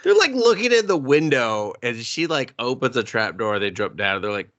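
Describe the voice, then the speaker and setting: A man co-hosting a podcast, casually retelling a movie with swearing and quick put-on voices. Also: mid-range voice, sing-song, a bit bright, highs cut off. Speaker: podcast co-host. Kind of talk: casual movie review chat.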